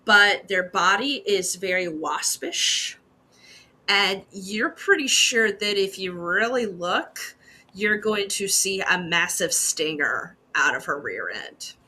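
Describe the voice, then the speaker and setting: Woman, game master, tabletop narration, bright tone, breathy edge. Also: medium pitch, animated. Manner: descriptive, unhurried, second-person scene-setting.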